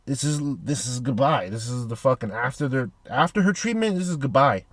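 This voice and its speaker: A man casually recapping a manga chapter with heavy profanity and slang, excitable and animated. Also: medium pitch, fairly quick, no echo.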